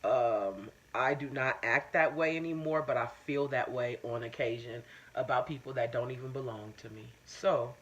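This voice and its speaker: A woman's voice: very deep voice, normal speed, few pauses. A woman chatting on a live stream. She tells her own stories and reads out viewer comments, blunt, profane and candid. The sound is a little muffled and lo-fi, like stream audio. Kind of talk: casual live-stream chat, storytelling.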